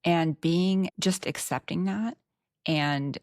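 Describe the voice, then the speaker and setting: This Texan podcast host speaks in a lowish voice and takes her time, captured in clean studio sound without any room echo. Her casual chat is earnest and reflective, punctuated by frank asides.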